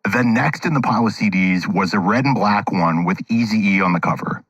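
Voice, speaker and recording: Low wry documentary narrator man. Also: fairly quick, a bit bright, slightly rough, no echo, muffled recording. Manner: wry, dramatic storytelling. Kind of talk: scripted radio-documentary narration.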